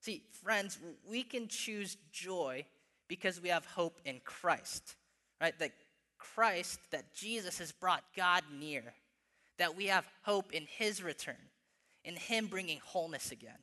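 A young male pastor preaching in a church, with a higher-than-average voice and a bright, forceful tone. He talks earnestly, often repeating words and restarting phrases as he builds a point. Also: expressive, a little slow, in a large hall. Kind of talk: sermon.

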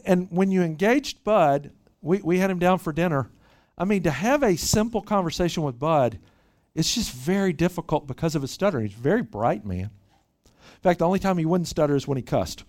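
A man's voice: fairly high pitch, a little mellow. A middle-aged male pastor giving a sermon, telling a story with lots of repeated word starts as he builds his point. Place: church retreat hall.

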